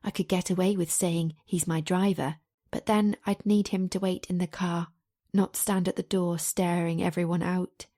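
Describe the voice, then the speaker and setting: A woman's voice: fairly low pitch, level tone, moderate pace, dark tone. A woman reading a romance audiobook in the first person, in a chatty, confiding manner. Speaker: audiobook narrator.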